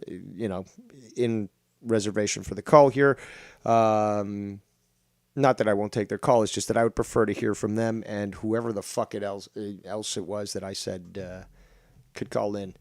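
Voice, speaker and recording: A man's voice: on the low side, normal speed, no room sound, studio quality. A man hosting a livestream show, talking casually, rambling and swearing. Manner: rambling, profane, animated.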